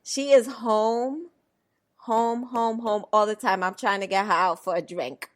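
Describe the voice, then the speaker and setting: A woman's voice: fairly high pitch, steady tone, a little slow. A young woman co-hosting a podcast, teasing her friend and laughing through her stories in casual chat. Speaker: podcast co-host.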